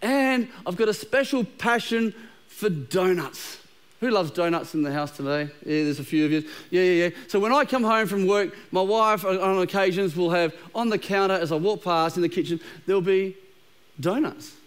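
Casting: man, middle-aged, high voice, easygoing preacher who jokes and trips over words. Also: moderate pace, smooth. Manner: conversational and humorous, with frequent repeated words. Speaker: pastor. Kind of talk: sermon. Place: church auditorium with a live congregation.

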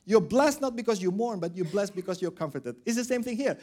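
A man's voice: high voice, brisk. A male pastor preaching a sermon, acting out the characters of a parable. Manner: animated, acts out characters.

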